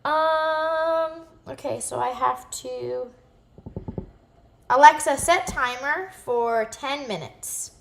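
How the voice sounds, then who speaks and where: A woman's voice: sits high, extremely slow, gravelly, roomy sound, slight background noise. A goofy, rambling woman, chatting casually with viewers while cooking live in her home kitchen.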